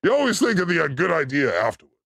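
A man hosting a livestream, reacting to clips with crude, excitable jokes. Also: fairly high pitch, very fast, gravelly, no echo, studio quality. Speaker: show host reacting to clips. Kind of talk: livestream clip commentary.

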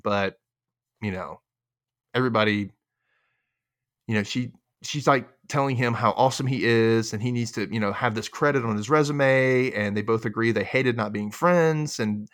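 A man's voice: medium pitch, normal speed, a bit bright. A man hosting a casual recap podcast, a little tipsy, swearing freely and laughing often. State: tipsy from drinking. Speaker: podcast host.

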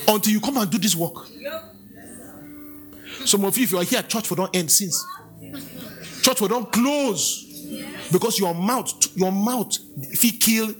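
A Nigerian pastor preaches with a bright, forceful edge, and his pitch leaps and dips all over as he teases the congregation and chants scripture. Soft music sits faintly underneath him in the church. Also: moderate pace, pauses often. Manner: lively, preaching with asides, chanted scripture and mimicry. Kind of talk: sermon.

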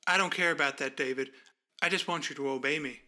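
A man's voice: fairly high pitch, quick pace, pushed and bright. A man voicing a bossy, self-important male agent boss who talks down to his assistant in a pompous, condescending way. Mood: domineering.

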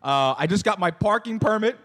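Fast-talking man hosting a podcast. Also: sits high, expressive, a bit bright. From Philadelphia. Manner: rambling, repeats words, trails off with fillers. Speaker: podcast host. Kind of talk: casual sports chat. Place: bar.

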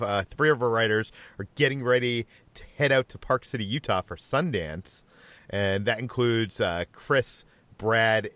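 A man hosting a casual podcast, relaxed and rambling with fillers. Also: mid-range voice, no room sound. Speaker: podcast host, editor-in-chief. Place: Los Angeles.

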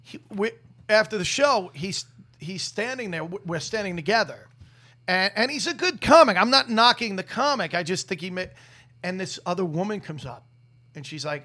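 A man co-hosting a comedy podcast, telling a story in casual chat, animated and acting out people's lines, often laughing and restarting. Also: high voice, moderate pace.

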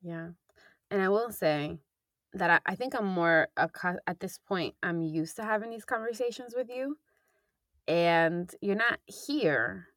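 A young woman talks in a loose, candid, rambling way, full of fillers and the occasional swear word. Her voice sits at an ordinary middle pitch. The recording is dry and close, with almost no room sound. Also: a little slow, a bit bright, dry recording. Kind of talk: casual chat.

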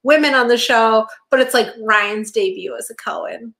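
Chatty young woman with a highish voice. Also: normal speed, a bit bright. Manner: chatty, acts out characters' lines, lots of "like". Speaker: podcast co-host. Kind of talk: casual chat recapping a TV episode.

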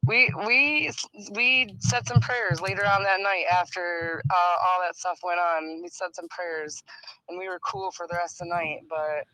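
A man's voice: high voice, a little slow, bright, forceful tone, poor audio. A man calling into a podcast, earnestly telling a ghost story in casual chat. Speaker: caller.

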